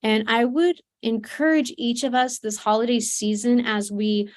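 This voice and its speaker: A woman's voice: fairly high pitch, steady tone, moderate pace, darkish tone. A woman presenting an online seminar as a trauma coach, speaking earnestly with fillers and restarts, through a computer mic.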